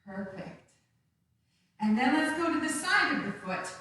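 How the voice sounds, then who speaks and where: High-voiced woman as a children's dance teacher, encouraging, far from the mic in a very echoey room. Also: big pitch swings, unhurried, sharp tone, a little hiss or hum. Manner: upbeat, coaxing, speaks to small children. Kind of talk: live-streamed kids' dance lesson. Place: room at home, some distance from the camera.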